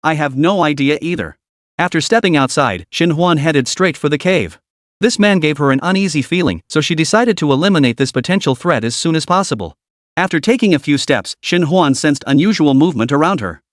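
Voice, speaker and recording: A man narrating a comic story recap in a dramatic, even read. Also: fairly high pitch, fairly quick, dry recording, studio quality.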